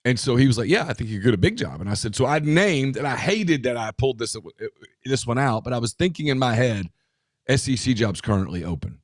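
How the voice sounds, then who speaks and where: A man co-hosting a casual sports talk show, talking in an emphatic way with quick asides and restarts. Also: mid-range voice, expressive, dry recording, studio quality. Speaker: podcast co-host.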